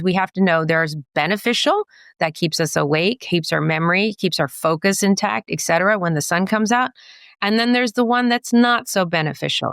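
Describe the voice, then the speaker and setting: A woman optometrist and professor explaining eye science in a jokey, teacherly way, full of quick asides and wordplay. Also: on the low side, a bit bright, clear, resonant tone, dry recording. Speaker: optometrist and professor giving a guest lecture. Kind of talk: playful explanatory talk to a host.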